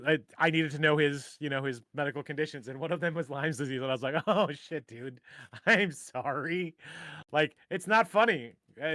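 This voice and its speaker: In a dry, studio-quality recording, a man from Minnesota speaks with a voice on the high side and a fairly bright tone. He co-hosts a livestream, chatting casually, rambling from joke to joke, and trailing off into mumbles.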